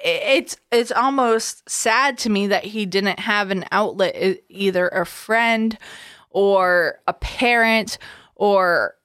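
A woman's voice: mid-range voice, slow, a bit bright, no echo, studio quality. Hesitant, earnest woman on a podcast. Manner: hesitant, restarts often, earnest. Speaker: podcast co-host. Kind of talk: casual podcast chat. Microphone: studio podcast mic.

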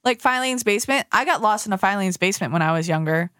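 Lively bright-voiced woman chatting. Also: medium pitch, fast, smooth, no room sound, studio quality. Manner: animated, reads quotes in a put-on accent. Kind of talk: casual chat.

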